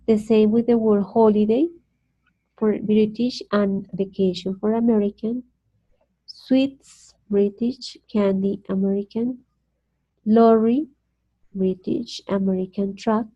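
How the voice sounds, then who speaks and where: A Colombian woman, a native Spanish speaker, teaching an online English class slowly and carefully, repeating words for her students. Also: medium pitch, fairly even intonation. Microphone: video call. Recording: dull lo-fi video call audio.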